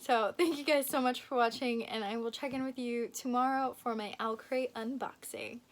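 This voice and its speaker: A woman's voice: a little high, steady tone, moderate pace. A young woman book vlogger chatting casually and gushing as she unboxes gifts, giggling often.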